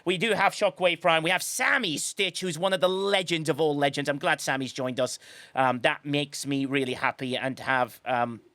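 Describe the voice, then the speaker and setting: A man hosting a casual live-stream chat, effusive and quick to laugh. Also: on the high side, bright, forceful tone, no echo. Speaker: podcast host.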